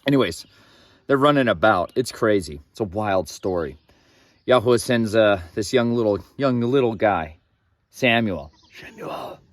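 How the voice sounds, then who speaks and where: A man's voice: lowish voice, expressive, normal speed, no echo. A young man casually retelling Bible stories outdoors in a farmyard, rambling and opinionated, drifting into digressions. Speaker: Bible teacher. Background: chickens clucking.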